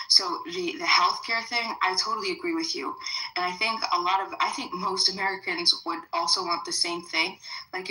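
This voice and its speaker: A woman's voice: lowish voice, sharp tone, echoey room, rough recording. A woman speaking in a heated live panel debate, restarting her sentences and politely asking others to let her finish. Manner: hesitant, many restarts, polite pleading. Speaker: panelist on a call-in show.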